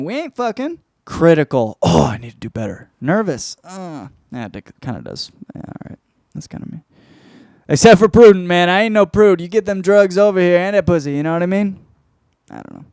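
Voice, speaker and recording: A man's voice: on the high side, gravelly, darkish tone, smooth, dry recording, clean studio sound. A man hosting his own solo comedy podcast, rambling, profane and mocking himself as he goes. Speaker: podcast host.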